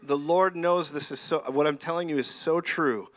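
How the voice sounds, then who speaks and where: A middle-aged man preaching a lively charismatic sermon, animated and often laughing, rising to loud exclamations. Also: on the high side, moderate pace.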